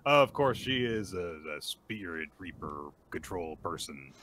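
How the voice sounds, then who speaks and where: A young man co-hosting a casual manga recap podcast, animated, often laughing and bursting into excited quoted voices. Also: low voice, measured pace, a little hiss or hum. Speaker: podcast co-host.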